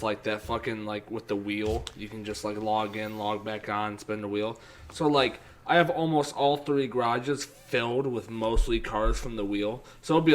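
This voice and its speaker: A young man co-hosting a podcast, rambling and swearing through stories with frequent laughter. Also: medium pitch. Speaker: podcast co-host. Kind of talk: casual chat.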